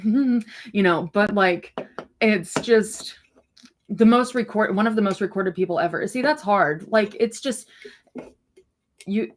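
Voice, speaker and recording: On a casual livestream, a woman with a lowish voice chats loosely while reacting to viewer comments. She rambles, uses lots of fillers, and swears now and then, with slight noise in the background.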